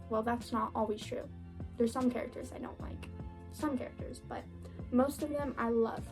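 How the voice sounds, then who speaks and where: A woman's voice: on the high side, darkish tone. A young woman talking casually and chattily about books she has read, gushing, with filler words. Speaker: book vlogger. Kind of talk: casual book review chat.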